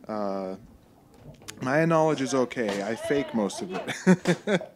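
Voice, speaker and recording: A man's voice: mid-range voice, animated, slow, a crowd in the background. A man from California giving casual, rambling commentary while watching fight footage, often laughing at his own jokes.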